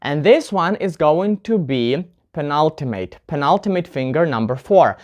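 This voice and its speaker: A man teaching a casual English pronunciation lesson, chatty, often calling his viewers "guys" and repeating example words slowly. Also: a little high, expressive.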